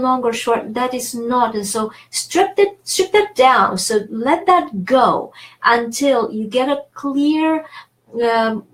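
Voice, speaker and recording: A middle-aged woman gives an online language lesson. Her voice sits a little high, and she explains in a lively, talkative way. She breaks in now and then with self-aware asides. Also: rough recording. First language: French. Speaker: French teacher.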